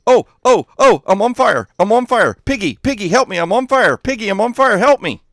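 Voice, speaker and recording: A squealing, panicked guy on fire, begging for help, very high and loud, dry close mic. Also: animated, a little fast, no echo. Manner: whiny, frantic, shrill pleading.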